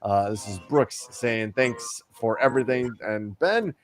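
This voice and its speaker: A man's voice: medium pitch, expressive, a little slow, slight background noise. A man co-hosting a casual news chat show, joking and rambling with plenty of restarts and fillers. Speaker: podcast co-host.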